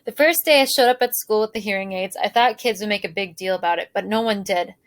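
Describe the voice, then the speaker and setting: Teacher lady reading a book out loud, steady clear voice, no echo. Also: medium pitch, quick pace. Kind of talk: reading a novel aloud.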